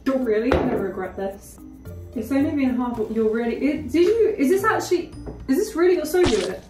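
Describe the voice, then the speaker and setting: A woman's voice: sits high, expressive, a little fast, distant mic. A young British woman chatting casually with her partner on camera during a drinking mukbang, blunt and teasing. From United Kingdom. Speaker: vlogger, one half of a couple. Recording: roomy sound from off-mic, music underneath.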